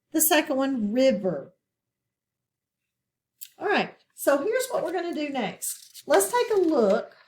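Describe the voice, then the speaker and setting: A woman teaching a phonics lesson to children, asking questions and pausing patiently for answers. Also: high-pitched. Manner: slow, patient, asks questions and pauses.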